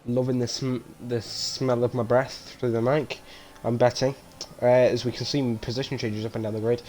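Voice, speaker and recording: Excitable man doing casual race commentary. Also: mid-range voice, moderate pace, slight background noise. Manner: casual, rambling, self-mocking banter; gets loud and excited at race incidents. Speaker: sim racing league commentator. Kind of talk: live-streamed race commentary.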